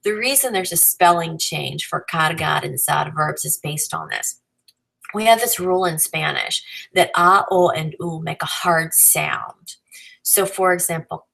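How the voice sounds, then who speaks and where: Woman, teacher, patient step-by-step explanation, low pitch, gravelly. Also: a bit bright, poor audio. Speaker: Spanish teacher. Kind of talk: recorded grammar lesson.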